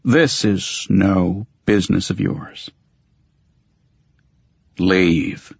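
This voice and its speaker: A man's voice: deep voice, steady tone, extremely slow, vocal fry, slightly rough, no echo, full character voice. A man reading an audiobook, voicing a cold, menacing male vampire who speaks in curt threats. The recording sounds dull and dry. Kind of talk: audiobook character voice.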